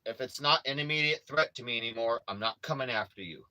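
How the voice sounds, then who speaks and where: Brief: a man of middle pitch with a bright, forceful voice, swearing freely and animated as he vlogs a story to his viewers. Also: fast, no echo, rough recording. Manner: profane, animated street talk; acts out his own quoted lines louder. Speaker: vlogger. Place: RV neighborhood in Los Angeles.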